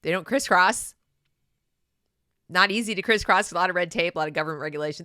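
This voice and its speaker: An opinionated woman delivering a sarcastic commentary monologue. Her voice sits low but cuts bright and forceful. The recording is dry and close, with no room sound. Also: quick pace, clear, resonant tone, dry recording. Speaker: channel host.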